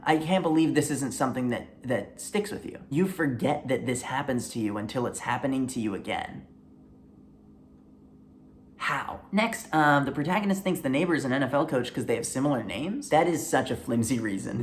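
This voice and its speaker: A man hosting a comedy video, giving deadpan, sardonic commentary. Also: medium pitch, slight background noise.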